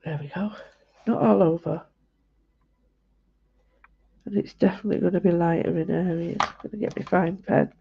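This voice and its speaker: Gravelly woman, chatty artist. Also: on the low side, steady tone, normal speed, pauses often, slight background noise. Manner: rambling, homely asides. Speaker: artist streaming a live drawing session. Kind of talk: chatty commentary while drawing. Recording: dull lo-fi livestream audio.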